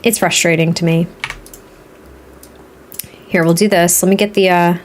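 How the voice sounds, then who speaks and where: A woman with a Boston accent chatting frankly and thinking out loud while building a house in a life-sim game. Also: lowish voice, fairly even intonation, normal speed, slight background noise. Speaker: Sims builder streamer. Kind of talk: casual gaming commentary while building.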